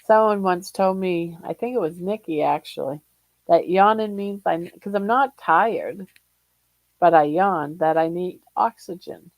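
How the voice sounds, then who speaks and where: An older woman from Ohio hosting a casual livestream chat, short of breath, talking in a slow, relaxed way and greeting viewers by name. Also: on the low side, dry recording, poor audio. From Ohio, USA. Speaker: livestream host.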